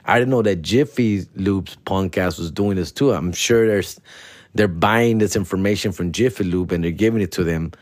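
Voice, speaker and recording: A man's voice: low voice, moderate pace, no room sound, voice pushed down, lightly acted. A man voicing a blunt, sarcastic female insurance broker who talks in a casual, slangy, teasing way, close to his own voice. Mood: matter-of-fact.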